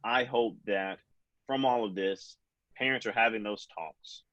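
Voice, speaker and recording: A man's voice: lowish voice, unhurried, fairly bright tone, no echo. Young guy hosting a podcast, earnest and thoughtful, dry muffled sound. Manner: earnest, reflective, many restarts. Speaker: podcast host. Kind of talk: casual podcast chat.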